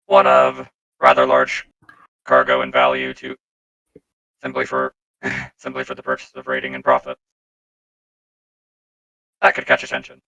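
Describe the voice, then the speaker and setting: Very deep, flat-voiced man. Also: dull audio. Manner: formal, scheming. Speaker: player. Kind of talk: in-character table talk.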